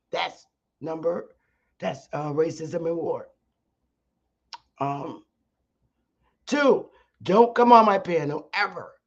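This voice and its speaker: A middle-aged woman holds forth on her own livestream, blunt and combative, cursing freely as she lays down her rules. Her voice has a husky, breathy edge. The audio comes through dull and lo-fi. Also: lowish voice. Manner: blunt, profane and combative, rising to shouts. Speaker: channel host teaching her audience. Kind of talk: heated livestream monologue.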